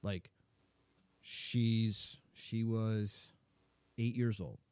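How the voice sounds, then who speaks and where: A man's voice: on the low side, steady tone, very slow, darkish tone, clear, resonant tone, dry recording. A middle-aged man hosting a podcast in casual chat. He tells stories loosely, with lots of "like"s and fillers. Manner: chatty, filler-heavy storytelling with many "like"s. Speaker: podcast host.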